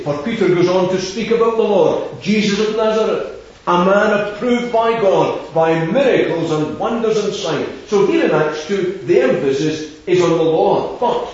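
A man preaching a gospel sermon, stressing key words and repeating the main verse slowly. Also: high-pitched, expressive, darkish tone. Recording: echoey distant hall sound, dull.

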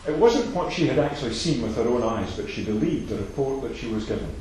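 A man preaching a sermon, emphatic and repetitive, swinging between loud declarations and soft asides. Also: mid-range voice, lively intonation, quick pace, slight background noise. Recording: very echoey hall.

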